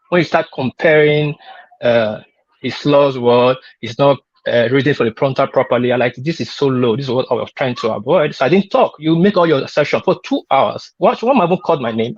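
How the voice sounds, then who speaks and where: A man's voice: on the high side, no room sound. A man talking heatedly on an online panel, insistent and repetitive, pressing his point over interruptions. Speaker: panel guest. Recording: lo-fi call audio.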